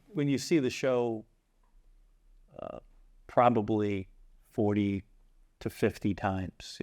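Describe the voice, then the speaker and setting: This is a man with a gravelly, creaky voice. He hosts a theater chat show and talks in a loose, meandering way, doubling back on his words and slipping in jokes at his own expense. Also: fairly low pitch, darkish tone. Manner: rambling, joking, restarts often. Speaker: community theater podcast host and epilogue writer. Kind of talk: casual rambling chat with self-mocking jokes.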